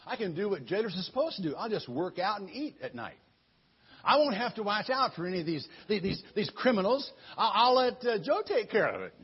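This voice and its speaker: A man's voice: high voice, very animated, a little fast, husky, exaggerated voice. A man voicing a lazy jailer in a casual, self-pleased manner while telling a Bible story, in a muffled lo-fi recording. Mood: smug. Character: lazy, easygoing male jailer.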